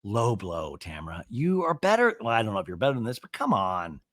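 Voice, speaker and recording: A man's voice: deep voice, fast talker, dry recording, studio quality. A man hosting a podcast, recapping a reality show in casual, gossipy chat and acting out the quotes. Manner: animated, gossipy, acts out quotes. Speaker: podcast host.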